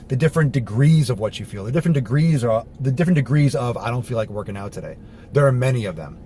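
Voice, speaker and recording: A man talking to camera while driving, blunt and profane, and animated as he explains his ideas. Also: mid-range voice. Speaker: fitness vlogger. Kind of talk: casual monologue while driving. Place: inside a car. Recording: faint car noise behind.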